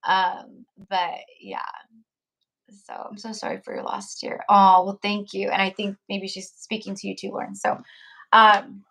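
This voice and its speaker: A young woman chats on a live tarot stream in a loose, heartfelt ramble, her pitch sitting in a middle range for a woman. She piles on fillers, "you know"s and restarts as she talks straight to her viewers. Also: level tone, measured pace, vocal fry, a bit bright. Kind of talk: casual live-stream chat.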